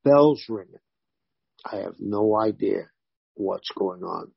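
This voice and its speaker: A man, a former pro wrestler, telling animated stories in a casual interview and voicing the people in them. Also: lowish voice, slow, vocal fry, husky, dry recording, muffled recording. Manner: animated anecdotes with voiced quotes.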